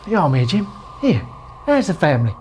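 A man voicing an excitable Cockney spaceship crewman on a noisy, distant line. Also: on the high side, fairly quick. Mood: excited.

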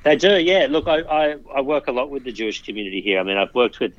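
A man, a politician guest, talking in a measured way with frequent restarts in a casual interview. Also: mid-range voice, dry recording, lo-fi sound. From Australia.

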